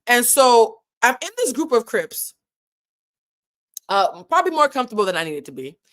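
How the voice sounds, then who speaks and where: A woman with a New England accent hosting a casual live commentary stream, animated and digressive, swearing freely and swinging between loud and soft. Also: on the high side, moderate pace. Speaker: commentary channel host.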